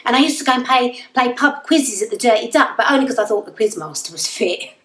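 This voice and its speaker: A woman's voice: on the high side, lively intonation, quick pace, a bit bright, reverberant, far from the mic, poor audio. An actress playing a wry, self-deprecating young Englishwoman lost in a void, telling her story in a dry, rambling audio drama monologue. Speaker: narrator and lead character.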